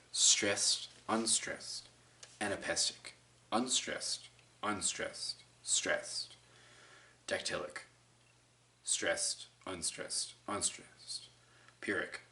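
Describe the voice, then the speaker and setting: A man voicing a confused young male learner on a quest in an amateur audio story, reciting in a slow, measured way. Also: low voice, sharp tone, full character voice. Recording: echoey room, mic far off, faint hiss.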